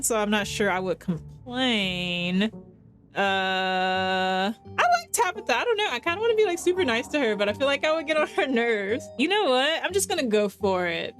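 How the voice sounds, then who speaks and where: Young woman, game streamer, lively pitch, chatty commentary, music playing faintly. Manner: chatty, lots of fillers and laughs. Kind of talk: playthrough commentary.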